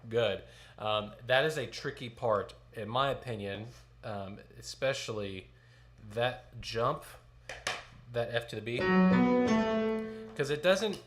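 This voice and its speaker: A man's voice: mid-range voice, lively intonation, slow, pauses often, fairly bright tone, faint music behind. A man leading a choir sectional rehearsal. He counts in, sings short phrases and explains notes patiently. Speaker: choir director.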